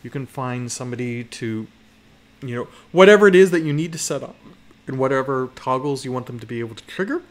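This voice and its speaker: A man presenting live to an audience, talking loosely and restarting his sentences. He keeps checking in with the room as he explains. His pitch is mid-range. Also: brisk. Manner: loose, rambling, many restarts and "okay?" checks. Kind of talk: live conference talk.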